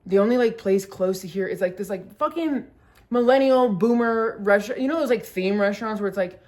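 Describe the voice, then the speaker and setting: A woman's voice: mid-range voice, fairly quick. A young woman in her twenties telling a casual storytime vlog, animatedly acting out what others said and swearing freely. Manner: animated retelling, acts out quotes, swears freely. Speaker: vlogger.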